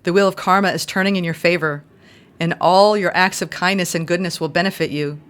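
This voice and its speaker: A woman giving an intuitive tarot reading, heartfelt and effusive, sometimes reading card meanings aloud in a gentle, spiritual manner. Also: fairly low pitch, steady tone, a little fast, clean tone. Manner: emotional and effusive. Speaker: tarot reader.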